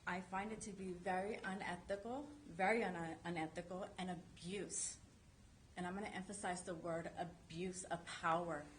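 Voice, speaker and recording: A woman's voice: fairly low pitch, slight background noise. A woman speaking as a resident during public comment at a city council meeting, emphatic and insistent, repeating her points.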